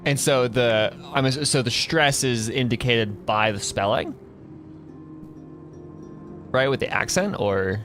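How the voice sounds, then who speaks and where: A man's voice: mid-range voice, expressive, takes it slowly, pauses often, fairly bright tone, faint music behind. A male streamer in casual live game commentary who chats, muses aloud and repeats words while he works them out.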